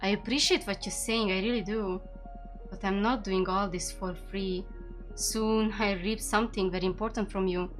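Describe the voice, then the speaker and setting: A woman reading the lines of a calm, ancient male demon companion in a low, measured, wry way. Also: faint music behind, natural voice.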